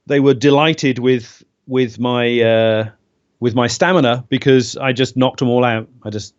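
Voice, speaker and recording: A male voice actor telling stories in a relaxed stream interview, rambling with many fillers and pauses. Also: mid-range voice, dull audio. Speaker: voice actor guest. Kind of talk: casual interview over a stream.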